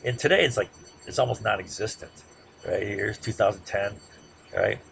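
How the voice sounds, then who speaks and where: Gravelly-voiced man lecturing a class. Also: on the low side, normal speed, slight background noise. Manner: conversational, peppers sentences with "right?"; gets loud and heated when making a point.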